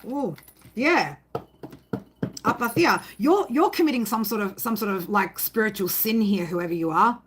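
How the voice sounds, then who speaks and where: This woman's voice sits in the mid range, expressive and at normal speed, with a breathy edge. She's a tarot reader doing a casual spoken reading, rambling and emphatic, cursing often and tacking "right?" onto her sentences.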